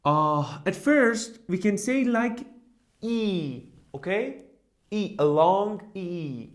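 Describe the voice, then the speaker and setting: Slow, patient male language teacher. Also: sits high, expressive. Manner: slow drilling with constant "okay?" and "huh?" checks; repeats each word for the learner to echo. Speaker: German teacher. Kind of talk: beginner language lesson.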